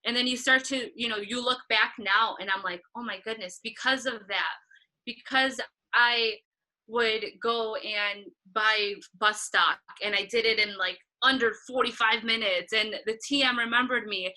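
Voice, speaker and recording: Bright-voiced woman telling animated stories. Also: measured pace, rough recording. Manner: animated storytelling, acting out past dialogue in a higher voice. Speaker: concert photographer guest. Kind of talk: conversational interview.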